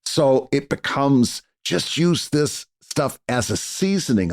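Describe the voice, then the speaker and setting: A man's voice: mid-range voice, animated, measured pace, creaky, few pauses. A middle-aged man co-hosting a podcast, giving earnest advice in casual chat with lots of fillers and restarts. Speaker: podcast co-host.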